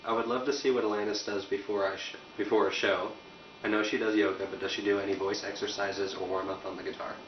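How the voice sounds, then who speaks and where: A man's voice: on the low side, level tone, fast talker. A man reading out fan questions plainly, recorded from a distance in a roomy space. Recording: distant, roomy, dull recording with faint noise.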